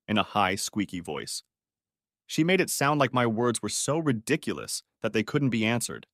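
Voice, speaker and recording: A man narrating a first-person drama audiobook in a dramatic, expressive way. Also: lowish voice, normal speed, no room sound, clean studio sound.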